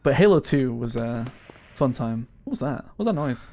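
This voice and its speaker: A man's voice: medium pitch, animated, normal speed, warm tone, a little hiss or hum. A young English man with an English accent, chatting casually and laughing as he streams a game. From England. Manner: chatty, laughs often, self-deprecating. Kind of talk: casual gaming stream chat.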